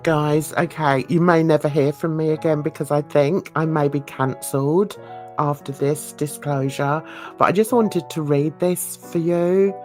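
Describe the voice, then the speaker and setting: A woman's voice: sits low, fairly even intonation, a little slow, darkish tone, faint music behind. A woman with a London accent gives chatty, giggly casual commentary while reading news aloud to her viewers. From London, England. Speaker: YouTube channel host.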